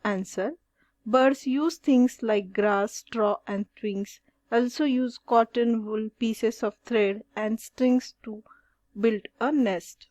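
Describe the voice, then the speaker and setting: A woman teacher works through a school exercise, reading each question and then its answer. She speaks slowly, in a somewhat high voice. The sound is dry and close, with no room around it. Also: darkish tone, no echo.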